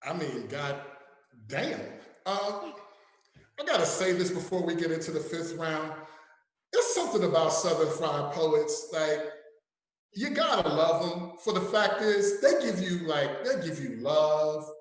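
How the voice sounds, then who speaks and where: Man from California hosting a live poetry show, casual and chatty, fairly high voice, very echoey room. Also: sing-song, measured pace. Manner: loose and chatty, with many fillers. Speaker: event host. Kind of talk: casual emcee talk at a live poetry event.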